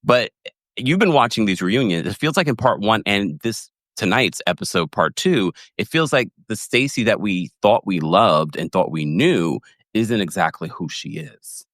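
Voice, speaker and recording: A man with a fairly low voice hosts a podcast, his pitch leaping around as he dishes gossip with a playful grin. The sound is dry and close. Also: animated, normal speed, a bit bright, no echo. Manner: gossipy, playful, laughs often. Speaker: podcast host. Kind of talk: casual chat.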